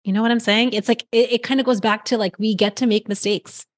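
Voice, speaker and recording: A woman's voice: a little high, fairly even intonation, quick pace. A woman who hosts a coaching podcast, talking in an earnest, encouraging way and often murmuring agreement. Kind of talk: conversational coaching talk.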